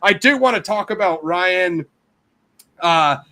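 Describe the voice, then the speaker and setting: Male host, casual review chat, bright and slightly high, animated, laughs a lot. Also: slow pace. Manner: animated, laughs often, many fillers. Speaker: show host reviewing a TV series.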